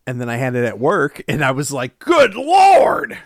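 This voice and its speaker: A man's voice: medium pitch, steady tone, fairly quick, a bit bright, dry recording. A man co-hosting a podcast in casual chat, rambling and joking crudely with many filler words, into a studio mic. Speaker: podcast co-host.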